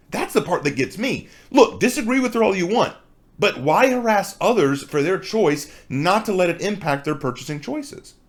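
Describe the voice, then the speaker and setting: Animated man rebutting in commentary. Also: high-pitched. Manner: conversational, rebutting, rhetorical questions. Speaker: commentary video creator. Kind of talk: argumentative response commentary.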